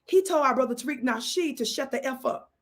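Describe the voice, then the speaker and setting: Hosting a live stream, this high-voiced woman preaches her way through chat comments, blessing her viewers as she goes. She sounds lively in intonation and moves at a brisk clip.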